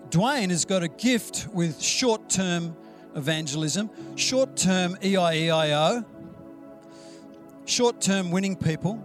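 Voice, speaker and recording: A man preaching a sermon in a conversational, storytelling way, acting out the dialogue he quotes. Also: sits high. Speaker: pastor.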